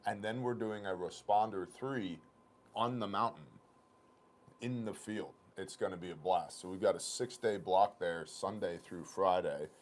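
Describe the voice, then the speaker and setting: A man hosting a casual company livestream, chatting and telling stories with animated laughter. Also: deep voice, unhurried, a little hiss or hum. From Oklahoma. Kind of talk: casual chat and storytelling.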